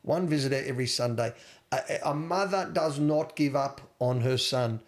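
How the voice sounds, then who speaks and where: A man's voice: mid-range voice, normal speed. A man co-hosting a casual film-review podcast, telling stories with feeling and tossing in rhetorical questions. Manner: animated, emotional storyteller with rhetorical questions. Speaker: podcast co-host.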